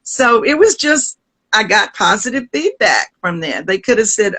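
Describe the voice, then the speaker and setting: An older woman with a Southern US accent, a guest singer telling stories in an interview, lively and often laughing, with restarts. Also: medium pitch, normal speed, low-quality recording. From American South. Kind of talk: storytelling in a conversation.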